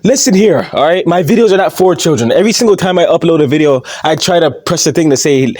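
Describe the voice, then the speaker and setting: A man's voice: fairly high pitch, animated, quick pace, darkish tone, dry recording, clean studio sound. A man ranting in a vlog monologue, mocking and swearing, laughing at his own jokes and often asking "all right?". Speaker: wrestling commentary YouTuber.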